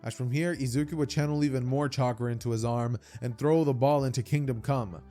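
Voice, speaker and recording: A man's voice: medium pitch, steady tone, brisk, warm tone, soft background music. Rambling young man telling a story. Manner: rambling, stammering repeats, many fillers. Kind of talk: casual spoken fan-fiction storytelling.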